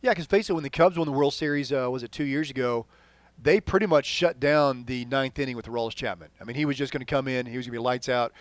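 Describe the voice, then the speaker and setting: A man from Texas co-hosting a casual sports podcast, rambling through points and trailing off quietly at the ends of sentences. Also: medium pitch, quick pace, dry recording. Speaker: podcast co-host.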